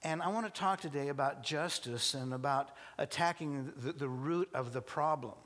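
A male pastor preaching to his congregation, halting with many restarts and light joking asides. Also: fairly high pitch, a bit bright. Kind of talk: sermon. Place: church service before a congregation.

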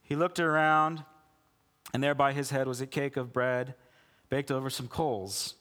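Male pastor, mid pitch, emphatic sermon voice that climbs into pressing questions. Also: steady tone, a little slow, fairly bright tone, big-room sound. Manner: emphatic preacher, rising to urgent appeals.

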